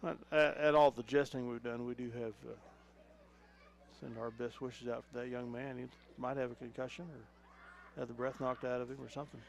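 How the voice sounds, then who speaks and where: Folksy man calling high school football. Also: normal speed, vocal fry. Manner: folksy, excitable calls with chuckles. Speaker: play-by-play announcer. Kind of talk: local sports commentary.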